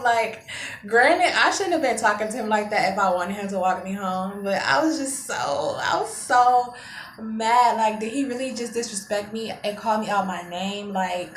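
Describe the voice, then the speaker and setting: A young woman vlogger telling a dramatic story in a casual, profane, animated way. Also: medium pitch, moderate pace, reverberant, a little hiss or hum.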